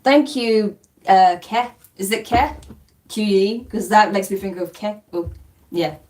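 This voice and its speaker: A woman with a medium-pitched, slightly mellow voice hosts a spiritual live stream at a measured pace, chatting casually as she reads out comments. She's blunt and dismissive, swearing and laughing often, and a distant mic picks up faint background noise.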